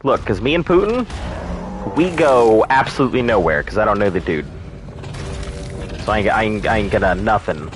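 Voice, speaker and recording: A man's voice: lowish voice, lively intonation, normal speed, pauses often, soft background music. Joking, chatty male game streamer. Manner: chatty and joking, answers chat, swears freely. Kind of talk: casual live-stream chat while gaming.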